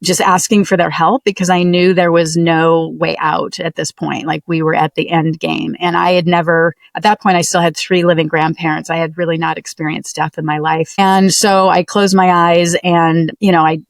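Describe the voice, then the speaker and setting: A middle-aged woman, a podcast guest, telling a deeply personal story with earnest emotion and vivid detail. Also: level tone, normal speed, creaky, few pauses, dry recording.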